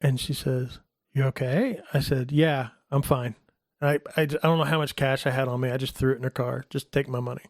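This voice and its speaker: A middle-aged man telling a personal faith story in a casual talk, animated and acting out the voices of the people in it. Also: fairly quick, no room sound, clean studio sound. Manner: animated, acts out quoted voices in a higher pitch. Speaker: guest telling his testimony.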